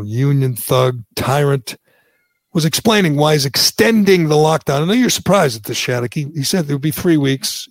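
Gravelly talk host. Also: male voice, mid-range voice, dry recording. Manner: sarcastic, indignant ranting. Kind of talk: political talk radio banter.

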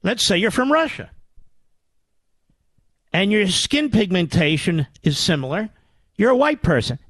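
Older male radio host from Philadelphia, emphatic sarcastic delivery, pitch rises and falls widely. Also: very animated, measured pace, fairly bright tone, no echo. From Philadelphia area, US. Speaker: radio talk show host. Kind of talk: political talk radio monologue.

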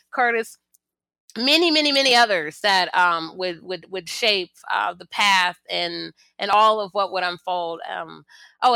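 A woman's voice: medium pitch, dry recording. A woman historian answering interview questions, telling stories and acting out the voices she quotes. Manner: animated storytelling, acts out quoted voices. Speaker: historian and author, interview guest.

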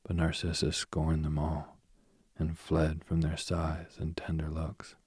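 Slow, deep, husky male reader for an old myth; soft, half-whispered delivery. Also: monotone, no room sound. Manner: soft, often dropping to a whisper. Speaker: storyteller. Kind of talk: reading a myth aloud.

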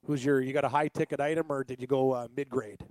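A man co-hosting a sports radio show, trading jokes and getting loud when he argues. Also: mid-range voice, steady tone, fast, no echo. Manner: boisterous, jokey, gets loud when arguing. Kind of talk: casual sports radio banter.

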